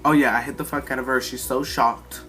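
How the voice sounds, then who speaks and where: A man's voice: mid-range voice, brisk, faint music behind. A man casually telling a rambling, profane storytime about a fight at home. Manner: profane, rambling, animated retelling. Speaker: storyteller vlogger.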